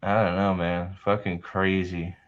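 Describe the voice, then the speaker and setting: A man's voice: low-pitched, little pitch movement, a little slow, highs cut off. A man hosting a livestream in casual chat, rambling and swearing heavily, often restarting his sentences. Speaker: livestream host.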